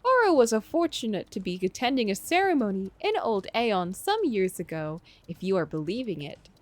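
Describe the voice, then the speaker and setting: A woman voicing a gentle, formal male shopkeeper creature who talks about himself in the third person, slow and old-fashioned. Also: mid-range voice, very animated, no echo, natural voice. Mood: delighted.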